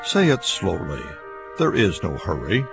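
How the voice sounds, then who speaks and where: A man narrating a scripted radio meditation in a measured, deliberate, stately way. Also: low-pitched, wildly swooping pitch, vocal fry, music in the background. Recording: dull lo-fi radio broadcast.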